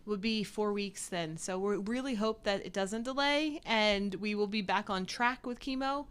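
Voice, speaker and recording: A woman's voice: medium pitch, normal speed, a bit bright, clean tone. A woman co-hosting a casual live-stream chat, talking with many fillers and little laughs. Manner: chatty, giggly, many fillers. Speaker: co-host.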